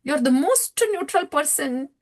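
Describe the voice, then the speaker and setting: Brief: woman doing a gentle male lord, affectionate, slow and drawn-out. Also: sits high, pitched above the performer's own voice. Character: affectionate, exalted male spiritual master.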